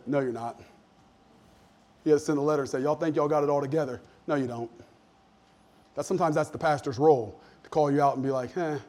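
A man delivers a sermon in a slightly higher voice than most men. He talks conversationally, dropping into quiet asides before building up to forceful, emphatic points. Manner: conversational preaching, drops to soft asides and rises to emphatic points. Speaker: pastor.

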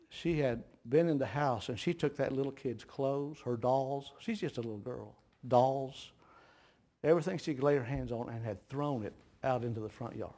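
A middle-aged man preaching a sermon in a folksy storytelling way, dropping to a hush and then rising to a shout. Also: mid-range voice.

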